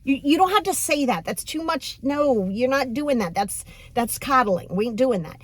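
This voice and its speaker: Young woman podcast host, coach type; candid, animated, fairly high voice, dry recording. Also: moderate pace, dry recording. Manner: blunt, animated, acts out quoted voices. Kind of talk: casual motivational podcast talk.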